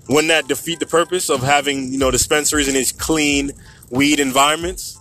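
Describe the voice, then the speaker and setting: A man's voice: a little high, steady tone, brisk, bright, forceful tone, soft background music. A young man hosting a solo podcast, talking casually and rambling through his thoughts with asides. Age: young adult. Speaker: podcast host.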